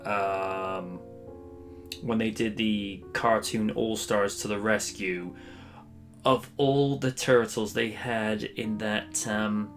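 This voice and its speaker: A man's voice: on the low side, steady tone, slow, faint music behind. A man in casual livestream chat, speaking hesitantly with many fillers.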